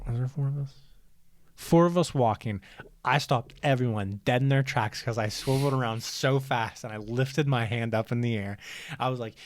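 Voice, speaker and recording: His mid-range voice comes through dry, with no audible room. A young podcast co-host from Ohio with an American accent spins a casual anecdote, cursing freely and playing out people's lines with animated energy.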